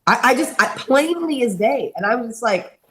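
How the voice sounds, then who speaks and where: A woman's voice: fairly high pitch, expressive, moderate pace, background noise. A middle-aged woman giving an earnest personal testimony in an interview, acting out the voices she remembers. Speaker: interview guest, mentor and therapist.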